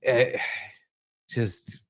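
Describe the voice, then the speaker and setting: A man co-hosting a comedy podcast, swearing freely and joking while reacting to videos. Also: drawn-out words. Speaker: podcast co-host. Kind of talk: casual comedic banter.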